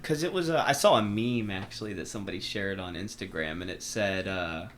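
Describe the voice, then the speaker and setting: A young man on a podcast, telling stories in an animated, slangy way with lots of swearing. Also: deep voice, brisk, slight background noise. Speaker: podcast guest. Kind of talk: casual conversation.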